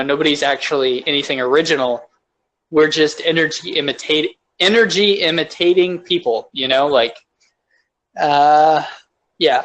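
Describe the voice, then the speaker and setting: A young man co-hosting a podcast in a rambling casual chat, full of fillers and loud laughs. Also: on the high side, low-quality recording. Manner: rambling, laughs loudly, lots of "like". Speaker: podcast co-host.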